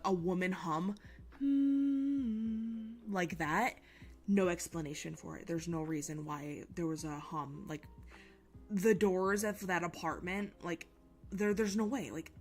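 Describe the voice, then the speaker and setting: A young woman streaming from her desk at home, telling a story in a rambling, casual way and swearing freely. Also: on the low side.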